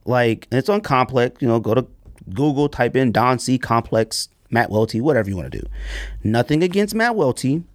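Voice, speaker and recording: A male podcast host in full rant mode, sarcastic and animated, his pitch leaping up high whenever he wants to stress a point. The sound is close and dry, with no room echo at all. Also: normal speed. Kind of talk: casual sneaker podcast rant.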